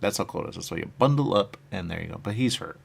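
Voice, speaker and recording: A man hosting a live stream, chatting in a rambling, casual way about his comic covers and answering viewer comments, often trailing off quietly at the ends of his phrases. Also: sits low, expressive, fast, vocal fry, slightly rough.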